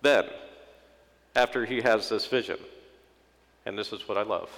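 A man preaching a sermon as pastor, in a relaxed conversational way with humorous asides and quoted inner thoughts. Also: lowish voice, normal speed, creaky, pauses often, in a large hall.

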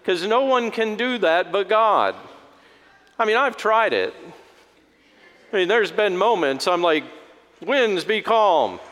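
A man's voice: high voice, lively intonation, a little slow, pauses often, a bit bright. A man preaching a conversational sermon as a pastor, folksy and humorous, acting out voices in his story. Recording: long hall reverb.

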